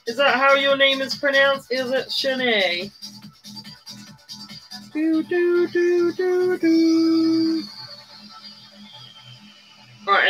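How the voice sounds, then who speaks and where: Bubbly high-voiced woman livestreaming. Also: bright, forceful tone, rough recording. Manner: bubbly, greets viewers by name, squeals and hums. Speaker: livestream host. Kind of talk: chatty live-stream commentary while doing makeup. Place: indoors at home, live streaming. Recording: faint music behind.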